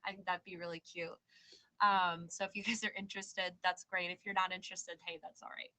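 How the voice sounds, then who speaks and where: A woman with a lowish voice speaks fairly quickly in a flat, sharp-toned delivery, on a low-quality recording. She hosts a live tarot show, doing readings and chatting casually, reassuring her guests and calling them babe and girl.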